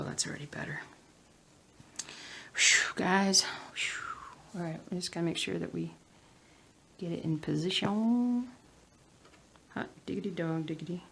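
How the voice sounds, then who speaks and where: A cross-stitch vlogger with a Southern US accent chats casually as she stitches at home, muttering to herself and now and then slipping into a whisper. Her voice is fairly low, gravelly and a bit bright, with a little background noise.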